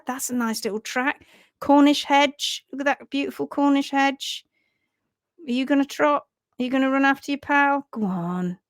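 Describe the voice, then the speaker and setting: High-voiced, chatty woman host. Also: no room sound. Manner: chatty, giggly, upbeat. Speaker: host of a horse care live show. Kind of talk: casual live-stream chat.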